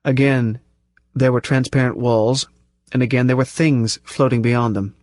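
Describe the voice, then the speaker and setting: A man narrating a first-person story in a measured, tense manner. His voice is mid-pitched and the recording is close and completely dry, with no room around it. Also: fairly even intonation, a little mellow, no echo. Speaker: audiobook narrator.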